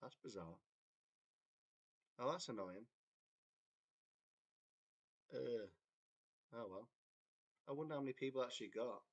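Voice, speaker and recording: English guy in his twenties or so, rambly livestream chat, keeps laughing, mid pitch. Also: expressive, measured pace, long pauses, muffled recording. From England. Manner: rambling storyteller, laughs often, reads out chat comments. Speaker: band member hosting a livestream chat. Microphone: computer mic on a livestream.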